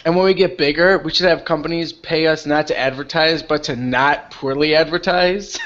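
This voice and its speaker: A man's voice: on the high side, normal speed, fairly bright tone. A man with a Minnesotan accent hosting a podcast in casual, rambling chat, often laughing. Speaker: podcast host. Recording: dull lo-fi stream audio.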